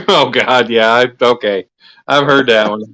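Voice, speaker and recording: A man's voice: mid-range voice, measured pace, pushed and bright. A man, chatting casually on a livestream and telling jokes with put-on voices.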